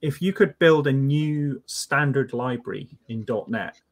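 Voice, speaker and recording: A British man chatting on a video call, explaining ideas step by step with a slightly husky voice. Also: mid-range voice, unhurried. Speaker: guest developer. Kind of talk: casual chat on a video call.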